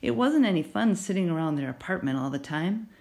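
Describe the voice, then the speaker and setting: Expressive woman narrating a children's novel. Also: on the low side, brisk, vocal fry. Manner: expressive, storytelling. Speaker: audiobook narrator.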